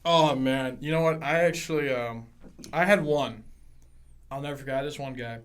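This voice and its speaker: A man's voice: medium pitch, normal speed, smooth. A man in his twenties hosting a casual podcast, swearing often and acting out customers as he tells work stories. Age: 20s. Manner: profane, animated, acts out customers in retelling. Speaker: podcast host. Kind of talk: casual chat, storytelling.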